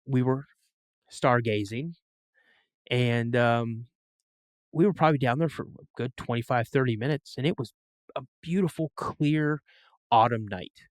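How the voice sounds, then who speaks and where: A man tells a story as a podcast guest in a casual, lively way, now and then acting out the voices of others. His voice sits at a middle pitch for a man. The recording is close and dry. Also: unhurried, long pauses, no echo. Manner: animated, acts out quoted voices.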